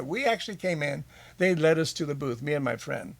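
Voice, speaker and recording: A man's voice: fairly high pitch, big pitch swings, fast, creaky, no echo. A man being interviewed as a guest, telling stories from his past with enthusiasm. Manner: enthusiastic storyteller, many fillers.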